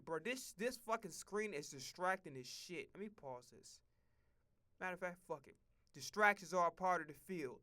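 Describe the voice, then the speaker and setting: A man streaming casual sports commentary, profane and rambling, with excitable outbursts. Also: sits high, normal speed.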